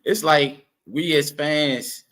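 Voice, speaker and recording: A man co-hosting a sports podcast, talking in a relaxed, agreeable and slangy way. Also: fairly high pitch, takes it slowly. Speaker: podcast co-host. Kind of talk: casual sports podcast chat.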